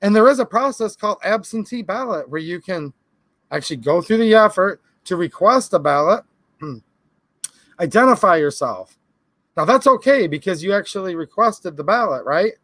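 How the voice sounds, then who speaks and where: Stream host, male, high voice, rambling emphatic delivery, dry home-studio sound. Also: expressive, moderate pace, a bit bright, no echo. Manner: rambling, emphatic, defensive asides. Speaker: channel host answering viewer comments. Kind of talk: casual live-stream talk.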